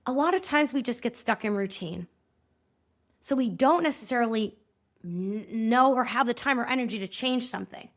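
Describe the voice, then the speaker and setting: A woman hosting a podcast, telling a story in a lively way and acting out both sides of the conversations. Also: fairly high pitch, normal speed. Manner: animated, acts out both sides of dialogues. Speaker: podcast host and movement coach. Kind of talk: storytelling monologue.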